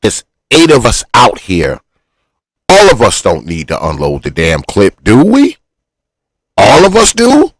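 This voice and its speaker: Emphatic man arguing, lively pitch. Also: a little slow, vocal fry, no echo, poor audio. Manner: emphatic, repeats himself when arguing. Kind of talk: heated debate on a talk show.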